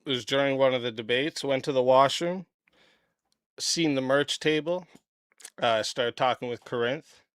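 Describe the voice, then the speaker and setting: A man hosting his channel, telling a story in a blunt, profane, casual way and clearing his throat often. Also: medium pitch, normal speed, pauses often, fairly bright tone, no room sound, studio quality. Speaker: channel host.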